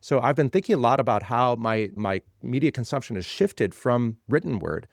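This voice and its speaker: A man talking through ideas as an interview guest, stacking one phrase on another as he builds each point. His voice sits at an ordinary middle pitch. The sound is dry and close, with no room around it. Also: lively intonation, normal speed, gravelly, no room sound. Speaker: interview guest, legal tech expert. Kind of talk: conversational interview.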